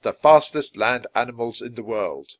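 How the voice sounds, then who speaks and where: A stern palace guard who announces and explains in a formal way, as a male storybook reader puts him on. His voice stays close to the reader's own, with lively swings in pitch. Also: moderate pace, close to an everyday voice. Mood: announcing.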